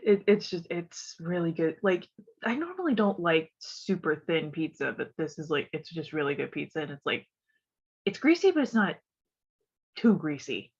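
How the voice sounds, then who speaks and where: A woman's voice: low-pitched, very animated, moderate pace, breathy edge. A woman from West Virginia, stuffed up, chatting casually and rambling on a stream, laughing often. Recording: dull lo-fi audio.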